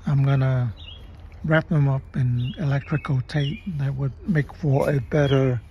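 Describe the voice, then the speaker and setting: Slow, plain-spoken man showing his gear. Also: medium pitch, steady tone, mellow, highs cut off, slight background noise. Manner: unhurried, plain-spoken, with pauses and fillers. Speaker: DIY video maker. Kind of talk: casual show-and-tell narration. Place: garage and yard, partly outdoors.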